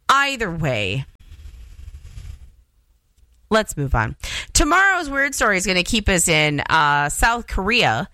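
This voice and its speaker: A woman's voice: a little high, sharp tone, no echo. A woman in her thirties, a radio DJ ranting sarcastically on air from the studio.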